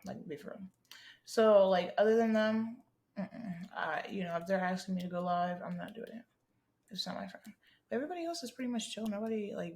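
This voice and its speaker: A woman's voice: medium pitch, gravelly, a little hiss or hum. Woman, young adult, podcast host, casual solo chat, blunt, slangy, swears freely. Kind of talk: casual solo chat answering listener questions.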